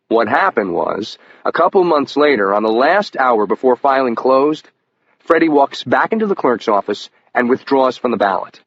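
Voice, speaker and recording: A man's voice: medium pitch, animated, normal speed, husky. Man narrating a crime audiobook. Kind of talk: scripted first-person audiobook narration. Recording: muffled lo-fi audio with faint hiss.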